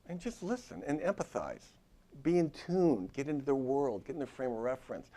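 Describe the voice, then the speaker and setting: A man's voice: on the high side, expressive, a little fast, mellow. A man in his fifties, a therapist giving a classroom lecture in a conversational way, often checking in with "okay?" and repeating his phrases. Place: university classroom.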